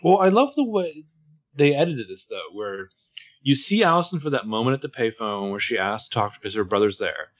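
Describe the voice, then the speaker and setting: A man's voice: mid-range voice, very animated, brisk. A man co-hosting a podcast, chatting casually as he recaps a TV episode and acts out bits of dialogue. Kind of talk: casual chat.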